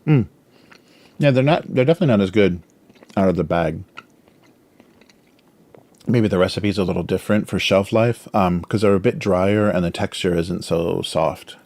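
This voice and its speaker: A man's voice: low-pitched, normal speed, long pauses, a little mellow, dry recording. A man hosting a casual drawing livestream, rambling with many fillers and talking with his mouth full as he snacks. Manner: filler-heavy, chuckles often. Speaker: livestream host, cartoonist.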